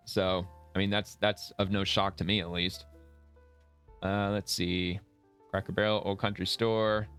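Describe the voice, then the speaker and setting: Brief: man hosting reaction commentary, low smooth voice, blunt and profane, faint music behind. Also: fairly bright tone. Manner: blunt, profane, opinionated, laughs often; rambling with many restarts. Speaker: political commentary host.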